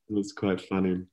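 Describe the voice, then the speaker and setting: A man from Italy with a mixed Italian and British-tinged English accent, talking casually as a podcast guest. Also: lowish voice. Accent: Italian with British and Canadian English. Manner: chatty, laughs often, repeats words when starting. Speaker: guest, former ballet dancer.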